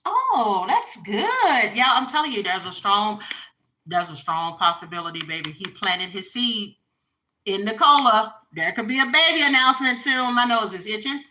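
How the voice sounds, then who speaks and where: Chatty woman, bright voice, blunt casual tarot reader. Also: medium pitch, animated, normal speed, slight background noise, rough recording. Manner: chatty, blunt, frequent fillers. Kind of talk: casual tarot reading to viewers.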